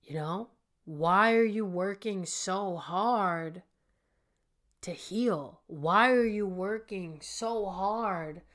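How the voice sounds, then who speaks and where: A woman in her thirties hosts a podcast and tells a personal story in an earnest, direct way. She talks slowly at a middle pitch and addresses her listeners as friends. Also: a bit bright. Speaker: podcast host and healing coach.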